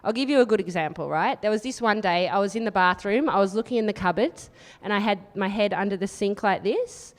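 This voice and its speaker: An Australian woman doing a live stand-up set, chatty and teasing the crowd, with deadpan asides. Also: mid-range voice, brisk, few pauses. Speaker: stand-up comedian. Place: live comedy venue. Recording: live room with long reverb.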